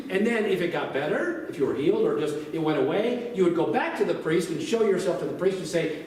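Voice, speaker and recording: A man preaching a sermon to his congregation in a lively, conversational way, asking them questions as he goes. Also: sits high, fast, recorded from a distance, a little hiss or hum. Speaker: pastor. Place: church sanctuary. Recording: very echoey church recorded from afar.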